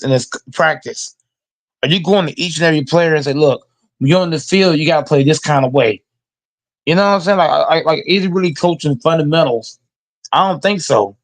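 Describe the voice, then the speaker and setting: Man, sports rant, emphatic, profane, repeats himself, somewhat high voice. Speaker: host reacting to football news.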